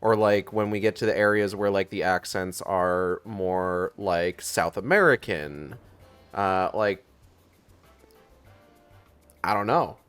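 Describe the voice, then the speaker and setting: A man's voice: low-pitched, takes it slowly, pauses often, a bit bright, smooth, faint music behind. A man streaming a video game, talking casually in a rambling way with lots of fillers and some swearing. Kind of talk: casual let's-play commentary.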